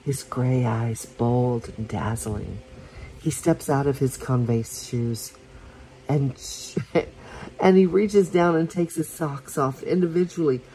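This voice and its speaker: A woman reading a romance story aloud for her podcast, soft and unhurried, with small slips and restarts. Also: extremely low pitch, a little hiss or hum, rough recording.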